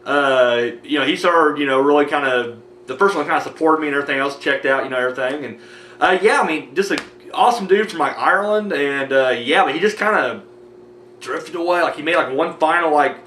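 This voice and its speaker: A man's voice: fairly high pitch, fairly quick, pushed and bright, slight background noise. Rambling American man, echoey room. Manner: rambling, many fillers and restarts. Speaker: movie review vlogger. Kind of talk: casual off-the-cuff thank-you vlog.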